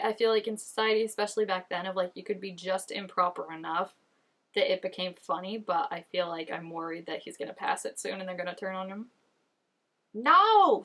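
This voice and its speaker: A young woman in her twenties talks through an episode as she watches it, chatty and animated and full of filler words. Her voice sits at an ordinary middle pitch for a woman. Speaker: reaction channel host. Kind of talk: casual reaction commentary.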